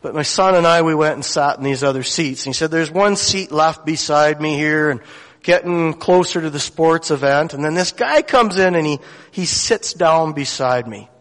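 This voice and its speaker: A man's voice: a little high, normal speed, a bit bright. A man telling a faith story to a gathering, acting out the voices of the people in it. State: tearful at moments. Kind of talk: storytelling sermon. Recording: long hall reverb.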